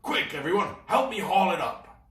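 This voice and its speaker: A man voicing a greedy, gruff male pirate captain who growls and roars orders. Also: medium pitch, expressive, moderate pace, pushed and bright, voice pushed up. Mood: roaring. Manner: roaring, growling. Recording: roomy, distant mic.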